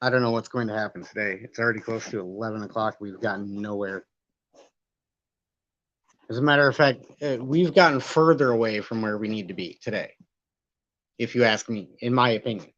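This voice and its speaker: A man's voice: on the low side, fairly quick, a bit bright, no room sound. A man hosting a live stream, rambling and arguing as he reads and answers the chat, swearing now and then. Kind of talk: casual live-stream commentary reading chat. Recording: dull lo-fi stream audio.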